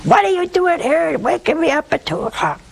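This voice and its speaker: A woman voicing an older male monastery superior with a hoarse voice. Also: fairly low pitch, little pitch movement, a little slow, slight background noise, close to an everyday voice. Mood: irritated.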